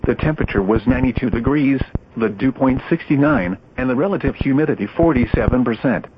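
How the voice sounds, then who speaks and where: A man's voice: medium pitch, fast. A computer-generated male voice reading a weather broadcast in clipped, evenly spaced phrases, each chopped apart from the next. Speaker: weather radio announcer. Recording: dull lo-fi radio with loud static.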